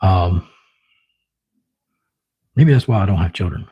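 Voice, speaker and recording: A man's voice: sits low, animated, takes it slowly, dark tone, husky, dull audio. A man livestreaming, casually telling a rambling story, chuckling often and mimicking his pets.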